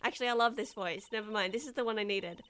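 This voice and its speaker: A woman's voice: medium pitch, fast, a bit bright, clean tone. A woman streaming a game, chatting casually with jokey, rambling asides. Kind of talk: casual let's-play commentary.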